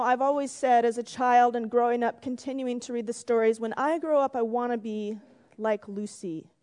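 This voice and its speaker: A woman preaching a gentle sermon to her congregation, telling a story and closing in prayer, sometimes dropping to a whisper. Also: a little high. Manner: gentle, drops to a whisper for emphasis. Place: church sanctuary. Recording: long reverb in a church hall.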